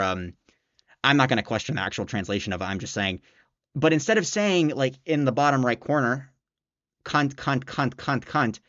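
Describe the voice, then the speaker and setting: A man's voice: mid-range voice, dry recording, dull audio. A man giving a casual spoken book review, blunt and exasperated, swearing often and restarting his sentences.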